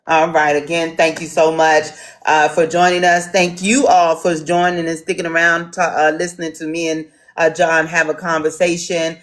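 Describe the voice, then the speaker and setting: A woman's voice: deep voice, little pitch movement, normal speed. A woman from Washington, D.C. moderating an online town hall, talking casually with lots of ums and restarts.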